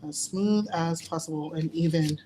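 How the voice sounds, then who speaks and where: A woman's voice: deep voice, normal speed, noisy background. A young woman nail artist giving a casual live tutorial, chatty and laughing at her own slips.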